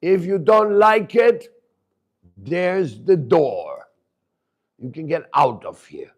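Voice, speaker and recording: A man's voice: fairly high pitch, expressive, slow pace, slightly rough, highs cut off, exaggerated voice. A man putting on his stern, angry father laying down the house rules in a commanding, emphatic way.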